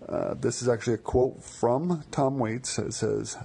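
A man casually talking through his favorite songs for a podcast, in a relaxed, rambling way with many fillers and repeated words. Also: mid-range voice, a little slow, gravelly, breathy edge. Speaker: music podcaster. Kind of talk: casual spoken music commentary.

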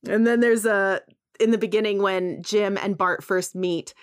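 A woman's voice: medium pitch, steady tone, measured pace. A woman in a casual podcast chat, animatedly retelling a film and acting out quoted lines between laughs.

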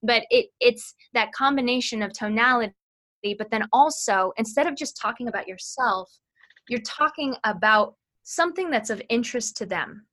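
A woman sales training consultant talking as an interview guest, chatty and explanatory, with quick asides as she explains phone technique. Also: a little high, a bit bright.

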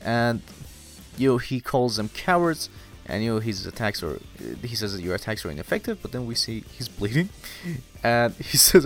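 Casual young male recapper, filler-heavy, animated intonation, soft music bed. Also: mid-range voice, normal speed. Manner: rambling, heavy "you know" fillers, laughs at the story. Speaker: anime recap commentator.

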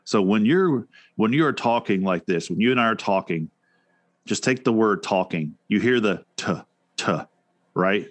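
Low-voiced man rambling in chat. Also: lively intonation, measured pace, no echo. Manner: rambling, many restarts and fillers. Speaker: podcast co-host. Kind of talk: casual chat.

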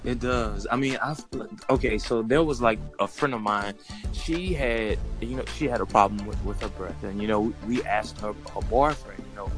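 A man in a casual chat, telling a story in a hesitant, measured way with many fillers. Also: lowish voice, music in the background.

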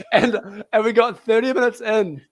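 A man's voice: on the high side, fairly bright tone, no room sound. A young man on a video call with headphones, telling a candid story with a lot of laughing and self-mockery. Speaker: podcast guest. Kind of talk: casual candid chat.

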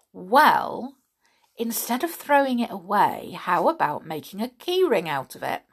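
Woman host for kids, gravelly, husky, lively sing-song pitch, gentle and unhurried. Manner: gentle, slow, with many ums and pauses. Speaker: children's show host. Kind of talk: casual chat to children.

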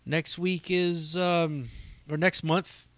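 A man's voice: fairly high pitch, little pitch movement, slow, a bit bright, dry recording. A man hosting a podcast, telling stories in a profane, rambling, casual monologue with frequent laughs. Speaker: podcast host and comedy show runner.

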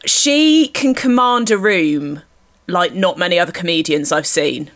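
A woman hosting a podcast in casual chat, self-deprecating and quick to laugh. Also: on the low side, expressive, a bit bright. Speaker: podcast host.

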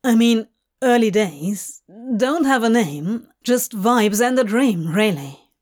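A woman voicing a flustered, shy young man who speaks haltingly, in a storybook reading. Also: a little high, lively intonation, darkish tone. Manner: halting, awkward.

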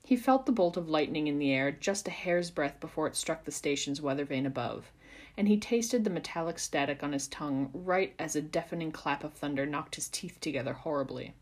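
Woman reading a story aloud, expressive. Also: sits low, a little fast. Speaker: podcast reader. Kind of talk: reading fan fiction aloud.

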